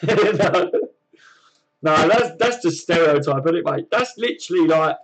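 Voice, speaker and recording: A man's voice: fairly high pitch, animated, a little slow, low-quality recording. An English man hosting a casual fan live stream, chatting to viewers and answering their comments, calling them mate and laughing often.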